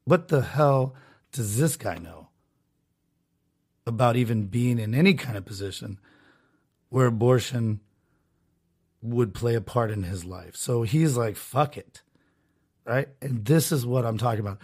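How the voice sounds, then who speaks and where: A man's voice: mid-range voice, lively intonation, a little slow, pauses often, a little mellow, husky. A man hosting a solo podcast, talking in a rambling, sarcastic way with many restarts and asides. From Southern California. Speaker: podcast host.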